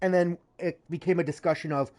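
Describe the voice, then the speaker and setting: A woman's voice: lowish voice, steady tone, fast talker, darkish tone. A woman streamer chatting casually over gameplay, rambling with frequent fillers and self-corrections. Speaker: gaming streamer.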